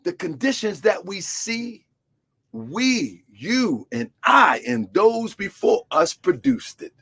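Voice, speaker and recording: A man preaching a sermon as a religious teacher, shouting key words, then dropping to quiet asides, and asking listeners to answer back. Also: sits high, big pitch swings, slow, vocal fry, husky. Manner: call-and-response questions to listeners.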